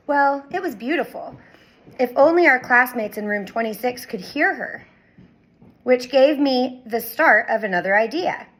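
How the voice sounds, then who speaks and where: A woman reading a children's chapter book aloud with expressive storytelling. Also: fairly high pitch, poor audio. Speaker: reader.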